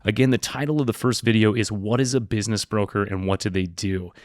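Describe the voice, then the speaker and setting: A man's voice: on the low side, fairly even intonation, quick pace, no echo, studio quality. A man working as a business broker, presenting an explainer video in a direct, upbeat teaching tone.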